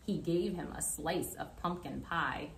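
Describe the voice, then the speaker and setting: A young woman, a children's librarian, reading a picture book aloud in an animated, expressive way during a remote storytime. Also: lowish voice, a little slow, creaky, slight background noise.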